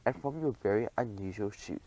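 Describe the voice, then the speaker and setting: A man voicing a strict, calm gentleman mouse from a storybook who speaks in a clipped, precise way. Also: lowish voice, fairly quick, rough recording.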